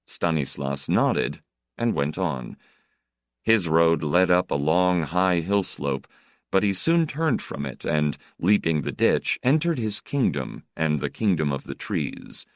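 Deep-voiced man reading a story. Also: no room sound, clean studio sound. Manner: measured, expressive storytelling. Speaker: narrator. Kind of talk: scripted narration.

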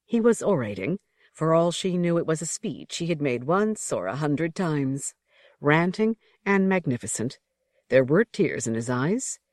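A narrator reading a novel aloud in a measured storytelling manner. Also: medium pitch, very animated, a little mellow, no echo, clean studio sound. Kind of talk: audiobook narration.

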